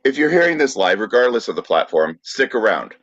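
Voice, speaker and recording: Low-voiced man podcast co-host, dry lo-fi sound. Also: big pitch swings, brisk, fairly bright tone, no room sound. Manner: dry, teasing, with plenty of fillers. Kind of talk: casual podcast banter and sign-off. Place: Brooklyn, New York.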